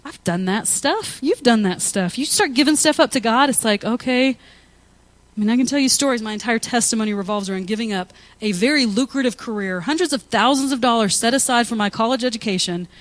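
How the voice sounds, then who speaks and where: Chatty, animated woman pastor preaching. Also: fairly high pitch, fairly quick. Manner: chatty, anecdotal, laughs often; animated storytelling with quoted asides. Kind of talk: conversational sermon.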